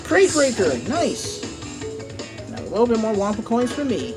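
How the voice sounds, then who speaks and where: An excitable young man giving casual, chatty commentary while playing a racing game, cursing at mishaps. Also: high-pitched, moderate pace. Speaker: gameplay commentator. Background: game music.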